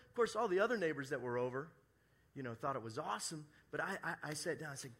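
A middle-aged man preaches a sermon, spinning a personal story with humor and asides. His voice is bright and forceful, sitting a little high for a man. He speaks to a church congregation. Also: fast talker, breathy edge. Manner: storytelling, animated, jokey asides. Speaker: pastor. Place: church service before a congregation.

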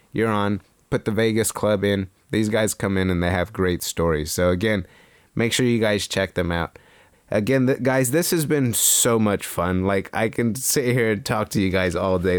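A man hosting a podcast in casual chat, enthusiastic and full of shout-outs, on a close mic. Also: lowish voice, clean tone, no room sound. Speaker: podcast host.

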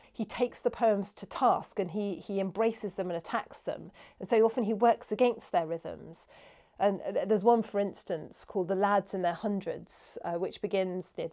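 Mellow-voiced woman explaining music. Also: medium pitch. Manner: animated, restarts often, sounds out rhythms. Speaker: cellist and music scholar.

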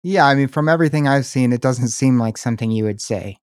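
A man interviewing a guest, asking careful, measured questions and reading documents aloud. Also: mid-range voice, dry recording, studio quality.

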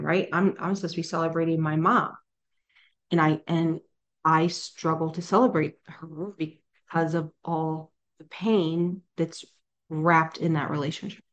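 A middle-aged woman and grief recovery specialist giving an earnest, heartfelt Christian encouragement talk, with emphatic bursts. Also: fairly low pitch. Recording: slightly dull lo-fi sound.

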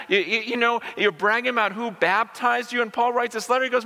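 A male pastor preaches with a high, bright, forceful voice. He talks in an animated way, stumbling over repeated words and slipping into the voices of the people he quotes. The sound rings out with the long reverb of a large church hall. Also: normal speed, hardly any pauses. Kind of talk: sermon.

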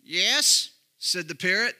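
A man's voice: sits high, expressive, takes it slowly, pushed and bright. A middle-aged male pastor preaching a sermon, with emphatic, sung-out phrases that rise and fall.

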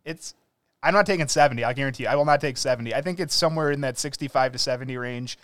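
Podcast co-host, male, fast and opinionated, crisp dry sound. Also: medium pitch, dry recording. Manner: quick, opinionated, animated storytelling. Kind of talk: casual sports chat.

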